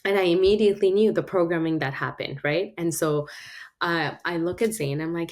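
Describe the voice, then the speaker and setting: A middle-aged woman with a fairly low voice chats as a podcast guest. She tells personal stories with lively animation and laughs through them easily. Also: normal speed. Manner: animated storytelling with frequent laughs. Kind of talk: casual conversation.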